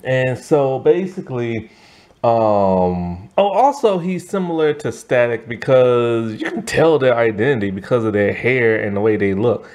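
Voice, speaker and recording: Casual male reviewer, rambling and filler-heavy, lively pitch, sounding a little tired. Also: measured pace. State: tired, yawning. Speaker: show reviewer. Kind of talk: casual spoken episode review.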